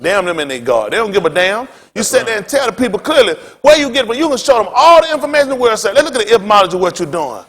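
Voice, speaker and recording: A man's voice: high-pitched, sing-song, racing, hardly any pauses, a bit bright. A male pastor preaching a blunt, profane sermon, telling stories with laughter. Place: synagogue hall. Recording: long hall reverb.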